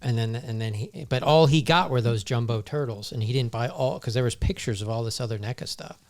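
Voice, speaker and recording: A man's voice: mid-range voice, brisk, darkish tone. A man hosting a casual podcast, telling a long, rambling anecdote full of restarts. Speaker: toy shop owner and podcast host.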